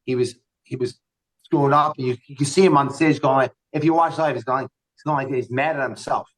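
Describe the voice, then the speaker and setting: A man's voice: mid-range voice, steady tone, brisk, rough recording. Rambling, enthusiastic male co-host. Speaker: podcast co-host. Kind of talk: casual chat.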